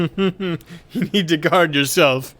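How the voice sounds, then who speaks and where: A man's voice: a little high, slow, fairly bright tone. A man running a tabletop game as game master, laid-back and joking.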